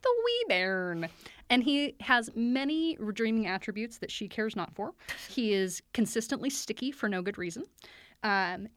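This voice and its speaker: A woman's voice: mid-range voice, no echo. A woman co-hosting a casual book discussion, playful and enthusiastic as she sums up a story. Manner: playful, enthusiastic, quick to laugh. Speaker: podcast co-host.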